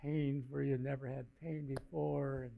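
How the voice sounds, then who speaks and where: An older man giving an informal, rambling sermon with a personal story, his folksy voice swelling loud and dropping low. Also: little pitch movement, moderate pace, gravelly, phone-quality sound. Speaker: lay preacher.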